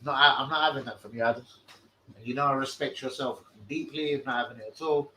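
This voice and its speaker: A young man hosting a football stream, swearing and bantering loudly in street slang. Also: medium pitch, steady tone, quick pace, heavy background noise. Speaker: football fan channel host. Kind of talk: live stream chat.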